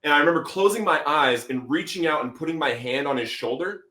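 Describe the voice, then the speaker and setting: A man telling his life story as a podcast guest, animated, acting out quotes and saying "bro" a lot. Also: on the high side, fast talker, roomy sound. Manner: animated, acts out quotes, says "bro" often. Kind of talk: storytelling testimony.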